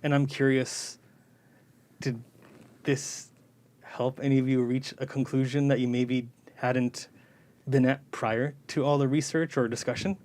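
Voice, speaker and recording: Relaxed male quartet player hosting a stream. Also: mid-range voice, measured pace. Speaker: string quartet member hosting a livestream. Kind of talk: casual livestream chat.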